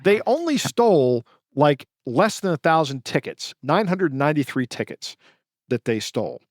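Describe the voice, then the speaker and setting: A man co-hosting a podcast, recounting news stories in a casual, halting way with many fillers and self-corrections. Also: on the high side, big pitch swings, no echo, studio quality. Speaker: podcast co-host.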